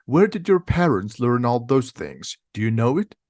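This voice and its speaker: A man doing Hagrid, a booming bearded giant. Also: very animated, moderate pace, darkish tone, no room sound, studio quality, close to an everyday voice. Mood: indignant. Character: huge bearded gentle giant man, blunt and warm.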